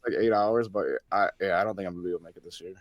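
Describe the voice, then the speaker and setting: A man co-hosts a casual podcast and tells an easygoing story. He talks quickly in a mid-range voice, recorded dry and close. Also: sits low, steady tone, dry recording, highs cut off. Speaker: podcast co-host. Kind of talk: casual group chat.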